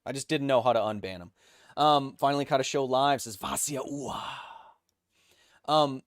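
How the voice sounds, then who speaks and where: This livestream host, a man in his thirties, has a medium-pitched voice captured in a dry, clean studio recording. He keeps things casual and jokey, reading chat messages aloud with quick asides, and suffers coughing fits.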